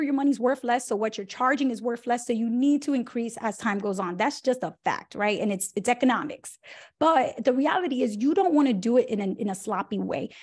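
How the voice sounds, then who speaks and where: A young woman gives a lively talk with business advice. Her voice sits fairly high. She acts out the voices of the people in her stories with energy. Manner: animated, acts out quoted dialogue. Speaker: story-sharer at a town hall.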